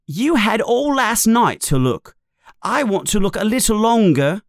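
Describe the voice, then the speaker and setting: A man reading a storybook aloud, voicing an excitable young schoolboy who gets a bit whiny. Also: high voice, takes it slowly, no echo, clean studio sound, pitched above the performer's own voice, heavily acted. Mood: excited. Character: boastful young schoolboy, Harry's friend.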